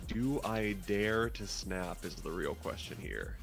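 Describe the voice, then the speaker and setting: A man playing a card game against a friend, relaxed and teasing with short reactions. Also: fairly low pitch, takes it slowly, creaky, soft background music. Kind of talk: casual gameplay chat.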